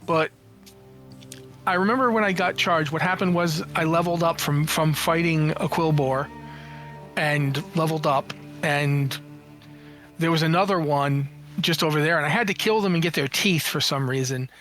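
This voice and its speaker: A games journalist and writer in his forties appears as an interview guest and tells stories casually in a high, light voice at a moderate pace. He is animated and jokey, acts out what people said, and restarts often. Faint music plays beneath him.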